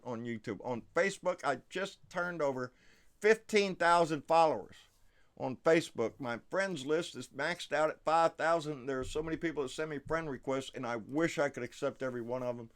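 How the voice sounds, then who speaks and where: A man hosting a casual livestream, talking excitably with frequent swearing and stumbling restarts. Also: on the high side, moderate pace, smooth. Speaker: livestream host. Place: South Texas.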